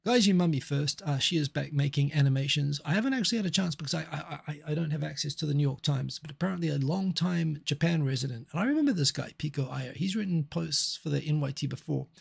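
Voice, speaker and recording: Gravelly husky man hosting a casual stream. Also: fairly high pitch, fast talker, hardly any pauses. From New Zealand. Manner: chatty, reacting to viewer comments as they arrive. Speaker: live stream host. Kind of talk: casual live stream chat.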